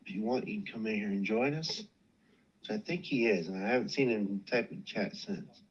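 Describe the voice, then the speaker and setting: Steady man hosting a live stream. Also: lowish voice, moderate pace, breathy edge, highs cut off. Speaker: livestream host.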